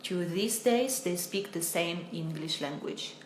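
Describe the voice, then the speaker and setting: A woman, an English teacher talking in a live online Q&A lesson and pausing often on filler sounds. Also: fairly low pitch, a little hiss or hum. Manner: hesitant, many filler sounds, reads viewer comments aloud. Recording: roomy echo.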